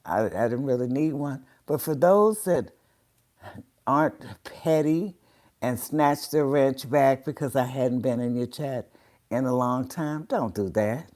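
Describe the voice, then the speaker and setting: Low-voiced, unhurried woman livestreamer. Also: mellow. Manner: chatty, talks to chat viewers. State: congested sinuses. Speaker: livestream host. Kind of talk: casual livestream chat.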